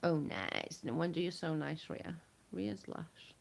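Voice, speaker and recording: A woman's voice: low voice, expressive, a little slow, gravelly, darkish tone. A woman chatting casually with viewers on a livestream from home. She is blunt and chatty, and she swears freely. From United Kingdom.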